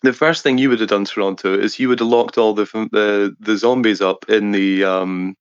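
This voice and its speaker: A man's voice: on the low side, normal speed, clear, resonant tone, dry recording. Guy on a headset telling wild game stories, swears a lot, dry muffled audio. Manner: animated anecdotes, frequent swearing and laughter. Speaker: guest. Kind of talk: casual storytelling.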